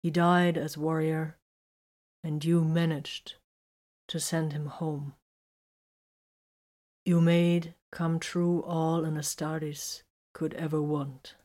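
A woman voicing a kind, earnest male captain who speaks formally, softly and slowly. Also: sits low, little pitch movement. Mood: gentle. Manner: soft-spoken and slow.

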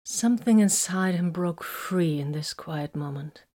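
A woman reads a romantic story aloud in an intimate, hushed voice, often slipping into a whisper. Her pitch sits a touch low and her reading is unhurried. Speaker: narrator.

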